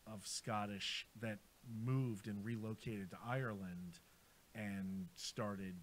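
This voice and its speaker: An American man with a lowish voice chatting casually on a radio show, rambling from point to point. A faint hiss sits under the recording. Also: steady tone. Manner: rambling, chatty, quick to laugh.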